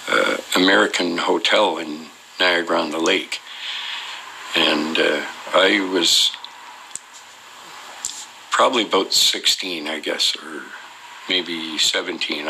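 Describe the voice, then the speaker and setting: A man with a very low, gravelly voice recounts his own experience in a loose, rambling way. He stops often to hesitate and restarts his sentences, and his tone is sharp and forceful despite the depth. A faint ambient hum sits behind him. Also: low-quality recording. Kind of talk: unscripted personal storytelling.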